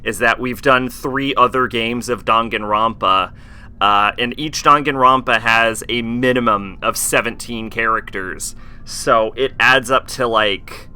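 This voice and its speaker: A man's voice: mid-range voice, unhurried, bright, forceful tone, clean tone. A man streaming a game live, chatting casually in a rambling way, full of fillers and swearing.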